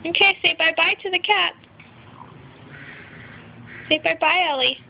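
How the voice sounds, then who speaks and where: A woman's voice: extremely high pitch, unhurried, creaky, slight background noise. A woman filming on a phone, coaxing and encouraging a toddler in sing-song baby talk. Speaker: parent or caregiver filming a toddler. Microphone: phone camera. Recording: dull lo-fi phone recording.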